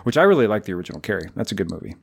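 Low-voiced rambling man chatting about films. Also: very animated, very fast, creaky, husky. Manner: rambling, jokey, many fillers and restarts. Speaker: podcast co-host. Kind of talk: casual film discussion.

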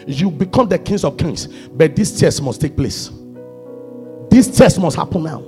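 A man preaching a sermon as pastor, swinging between shouted climaxes and hushed low passages. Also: sing-song, normal speed, long pauses, faint music behind.

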